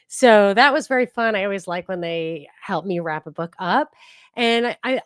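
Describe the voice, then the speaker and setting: Woman host, casual book talk, chatty, digressive, restarts sentences, medium pitch, dry close recording. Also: no room sound. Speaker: podcast host. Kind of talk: casual book reading and discussion.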